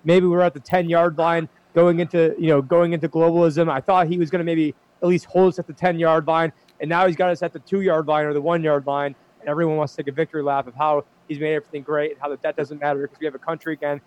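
A man speaking as a guest in casual chat, halting and repeating his words. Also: a little high, level tone, darkish tone. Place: busy event floor.

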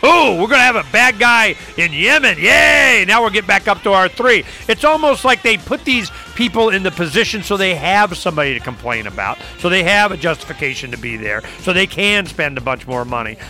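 A man hosting a casual political talk show, rambling and sarcastic with animated asides. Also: high-pitched, fairly quick, few pauses, faint music behind. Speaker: host.

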